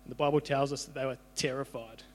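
A man's voice: medium pitch, steady tone, quick pace. A young man giving an informal sermon, conversational, often repeating his words as he goes. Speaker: preacher. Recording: hall reverb with mains hum.

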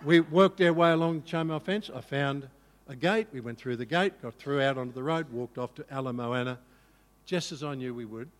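A male pastor telling a personal story in a sermon, animated and self-mocking. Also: medium pitch, fairly quick, big-room sound.

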